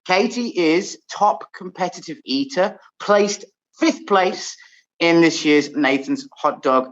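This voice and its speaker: A man from England hosts a loose, casual chat and tells stories in a lively, laughing way. His pitch swings widely as he talks. The recording sounds dull and lo-fi. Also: slow pace. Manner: lively storytelling with frequent laughs. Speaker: host.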